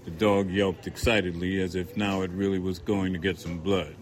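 A man reading a novel aloud in a measured, dry first-person narration. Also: deep voice, flat delivery. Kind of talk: audiobook narration.

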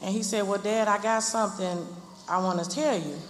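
Woman, mother telling a personal story, slow and heartfelt, echoey hall, noisy. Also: mid-range voice, steady tone. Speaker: mother recounting memories. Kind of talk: personal testimony.

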